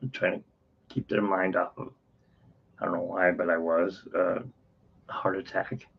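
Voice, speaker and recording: A man's voice: deep voice, fairly even intonation, normal speed, creaky, breathy edge. A tired man telling a rambling personal story in a casual vlog, acting out the voices of the people in it. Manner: rambling, self-interrupting, acts out quoted dialogue. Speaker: channel host. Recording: dull lo-fi sound.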